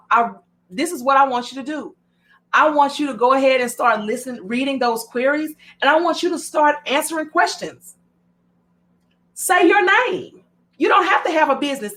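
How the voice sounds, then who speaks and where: A woman with a Southern drawl hosting a broadcast, talking in an animated, repetitive and emphatic way with many fillers. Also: a little high. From American South. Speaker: host. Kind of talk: motivational broadcast talk.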